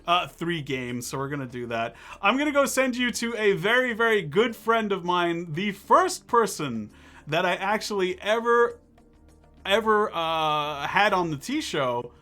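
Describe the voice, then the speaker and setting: A man hosting a live-stream talk show, chatting casually in a rambling, excitable, jokey way. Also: high voice, moderate pace.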